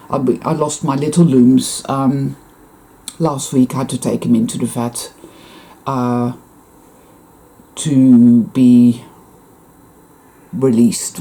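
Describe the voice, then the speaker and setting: A woman's voice: rumbling low, mellow. A woman talking straight to her viewers in a rambling monologue, swearing often and sighing heavily between thoughts. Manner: profane, intense, sighing. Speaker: spiritual vlogger.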